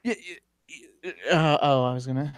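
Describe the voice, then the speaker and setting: A man's voice: a little high, normal speed. A man guesting on a live stream talks in a dry, close sound with no room echo. He stutters and repeats his words, laughs often and launches into crude rants. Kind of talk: casual live stream chat.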